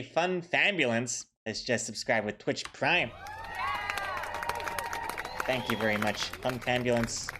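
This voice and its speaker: A man streaming while he draws a comic, chatting casually with viewers in quick, rambling, self-deprecating bursts full of fillers. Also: mid-range voice, noisy background. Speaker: comic artist streaming his drawing. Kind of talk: casual live-stream chat while drawing.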